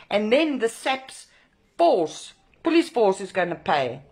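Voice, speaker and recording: A furious woman delivers a raw rant straight to camera. She swears freely and hammers her points through repetition, her voice sitting at an ordinary middle pitch for a woman. She sounds emotionally shaken and wound up throughout. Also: big pitch swings, slow pace, darkish tone, husky. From South Africa. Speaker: protest organiser. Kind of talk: angry direct-to-camera rant.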